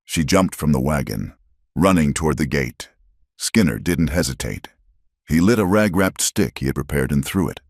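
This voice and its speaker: A man's voice: a bass voice, lively intonation, normal speed, creaky, no room sound, studio quality. A man giving dramatic scripted narration of a story.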